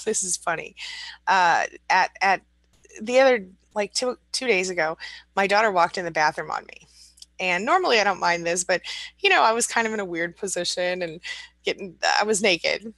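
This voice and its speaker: A middle-aged woman hosting a casual live stream from home, reading viewer comments aloud in a warm, encouraging, chatty way. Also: lowish voice, dry recording.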